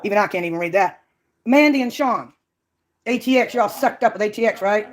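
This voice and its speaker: A woman's voice: mid-range voice, expressive, fairly quick. A woman from Mississippi, ranting on her own channel in a combative, mocking way. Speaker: channel owner. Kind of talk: ranting call-out vlog.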